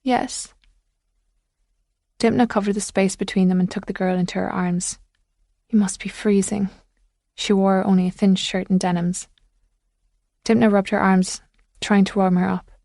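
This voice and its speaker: A woman narrating a thriller audiobook in a measured, suspenseful way. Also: mid-range voice, little pitch movement, darkish tone, no room sound, studio quality.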